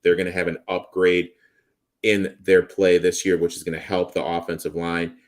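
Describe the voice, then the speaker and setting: A man's voice: low voice, completely flat delivery, moderate pace. A man co-hosting a sports betting show, confidently breaking down football teams and wagers in casual chat. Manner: confident, rattles off player names.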